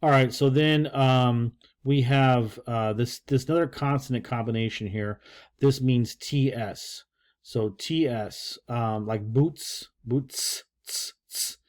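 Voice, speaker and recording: A man's voice: mid-range voice, slow, darkish tone. Older man, rambling language teacher, folksy and joking. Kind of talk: casual video lesson.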